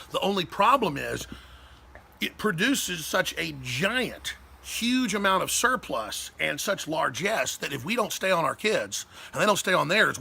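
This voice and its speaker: Man, talk host, combative rant, gravelly, husky edge. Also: on the high side, sharp tone. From Texas. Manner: combative, ranting, intense. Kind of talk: ranting monologue.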